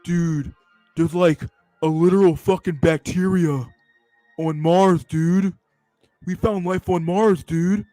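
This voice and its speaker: A man doing an excitable, loud bro voice. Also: high voice, slow, no echo, soft background music. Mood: excited. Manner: loud, repetitive, says dude and bro.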